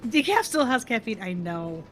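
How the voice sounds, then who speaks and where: A woman's voice: very animated, normal speed, a little hiss or hum, poor audio. A middle-aged woman from the United States, chatting casually as a livestream co-host and acting out what people said to her. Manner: chatty storytelling, acts out quoted people with big pitch jumps. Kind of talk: casual chat.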